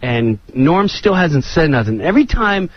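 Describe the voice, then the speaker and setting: A man's voice: a little high, moderate pace, dry recording, dull audio. A man, a comedian guest on a radio show, telling an anecdote and acting out other people's voices with lots of energy. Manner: acts out other voices, excitable. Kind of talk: animated anecdote on talk radio.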